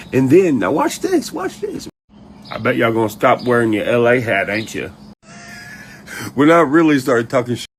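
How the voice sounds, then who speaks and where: A man rants to his audience, his pitch swinging widely as he mocks people in squeaky put-on voices. He curses freely and laughs between lines. A faint hum of room noise sits under the voice. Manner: animated storytelling, mocks others in high put-on voices, heavy cursing, laughs often. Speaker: online commentator ranting to his audience. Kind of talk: casual profane rant.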